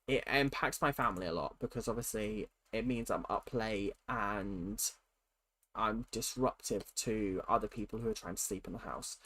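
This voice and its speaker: A man's voice: mid-range voice, a bit bright. A young man with a cold, chatting casually on a livestream as he reads viewer questions aloud and answers them candidly. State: has a cold. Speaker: streamer.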